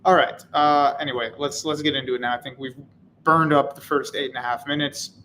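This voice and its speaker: A man's voice: mid-range voice, fairly even intonation, a little fast, pushed and bright, slight background noise, rough recording. A man hosting a live stream, reading chat comments and answering in a casual, wry, rambling way. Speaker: channel host.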